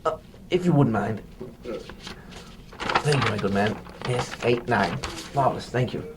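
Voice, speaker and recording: A woman's voice: very deep voice, lively intonation, takes it slowly, noisy background, heavily acted. A woman voicing a pompous, condescending severed head of a male cemetery landlord.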